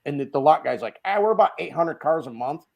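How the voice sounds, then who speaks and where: A man from Connecticut telling lively anecdotes on a podcast call, acting out the voices of the people in his stories. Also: on the high side, quick pace, creaky, highs cut off. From Connecticut, USA. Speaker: guest. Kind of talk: casual storytelling on a podcast. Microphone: remote video call mic.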